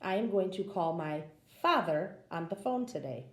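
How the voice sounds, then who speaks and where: A woman's voice: on the low side, animated, normal speed, roomy sound. A woman teaching a phonics lesson, patiently sounding out words for young learners.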